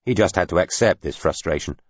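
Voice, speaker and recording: A man narrating an audiobook in an even, measured reading. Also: low voice, slightly rough, no room sound, lo-fi sound. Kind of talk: scripted narration.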